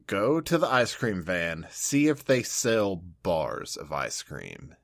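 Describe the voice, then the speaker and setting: A woman's voice: very deep voice, wildly swooping pitch, slow pace, creaky, no room sound, studio quality. A woman co-hosting a podcast, teasing and joking in casual chat. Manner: playful, teasing, jokey reasoning. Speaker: podcast co-host.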